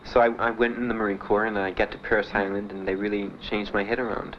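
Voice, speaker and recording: An older man recounting his past in a halting interview, with many pauses and fillers. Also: on the low side, level tone, highs cut off, slight background noise. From Miami. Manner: plain, halting storytelling with many "uh"s and "you know"s. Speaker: Vietnam veteran interviewee. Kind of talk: personal recollection in an interview.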